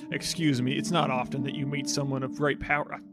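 A man playing a tabletop game, talking in character in a fawning, folksy patter. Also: medium pitch. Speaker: player. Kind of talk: in-character tabletop role-play.

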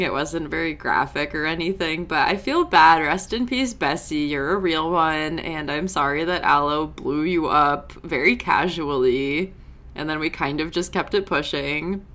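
A young woman casually recapping a TV episode in a chatty, expressive way, full of quick asides. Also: sits low. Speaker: show recap host.

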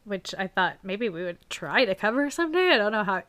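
A woman's voice: medium pitch, sing-song, a crowd in the background. A woman co-hosting a podcast, chatting casually and reflectively about films and agreeing readily with her partner. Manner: agreeable, reflective, quick backchannels. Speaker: podcast co-host. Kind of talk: casual chat about film.

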